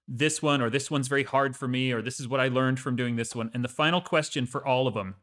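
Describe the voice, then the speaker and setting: A man's voice: medium pitch, steady tone, fast, a bit bright. A man co-hosting a podcast, speaking casually and with enthusiastic, strong opinions. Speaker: podcast co-host. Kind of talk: casual conversation.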